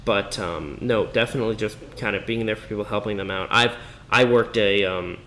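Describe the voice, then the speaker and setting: A man co-hosting a podcast, speaking calmly and supportively with soft fillers. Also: on the low side, brisk, slight background noise. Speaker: podcast co-host. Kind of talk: casual podcast chat.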